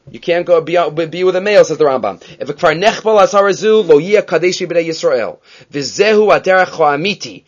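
A man's voice: a little high, fairly bright tone. A man giving a Talmud class, reading Hebrew and Aramaic texts aloud and explaining them in English. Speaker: Talmud teacher. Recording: dull lo-fi recording.

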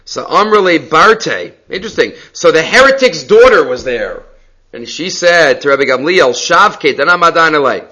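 Animated, bright-voiced male Talmud teacher. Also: fairly high pitch, normal speed, slightly rough. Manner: animated storyteller, acts out quotes, frequent restarts. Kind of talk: lively text study lecture. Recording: slightly dull lo-fi audio.

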